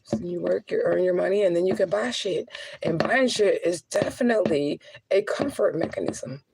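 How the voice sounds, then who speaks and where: A woman's voice: fairly low pitch, normal speed, creaky, noisy background. A woman talking casually to her viewers in a blunt, profane, chatty way, often laughing between heavier remarks. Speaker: spiritual adviser and vlogger.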